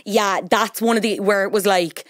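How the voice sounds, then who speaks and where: A man's voice: high-pitched, fairly even intonation, a bit bright, no echo, studio quality. Enthusiastic man podcast guest. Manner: quick, enthusiastic, talks over the host. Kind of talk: casual chat.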